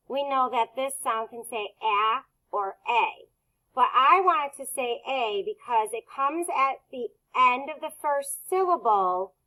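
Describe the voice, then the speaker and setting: A woman teaching young children to read, sounding out each word with patient care. Her voice sits a little high and rings bright, and she takes her time with every syllable. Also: low-quality recording. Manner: slow, patient, sounding out words. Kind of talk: phonics lesson for children.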